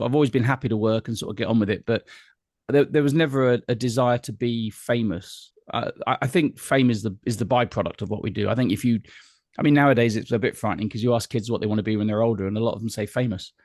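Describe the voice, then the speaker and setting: A man's voice: medium pitch, fast, darkish tone, no echo. Candid British man, dry close sound. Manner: candid, wry, hesitant restarts. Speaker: guest entertainer. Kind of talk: interview conversation.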